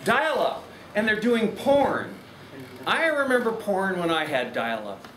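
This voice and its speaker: A man's voice: high voice, sing-song, measured pace, a bit bright. A man leading a comedy workshop, giving rambling, laughing feedback full of restarts. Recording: echoey room with background noise.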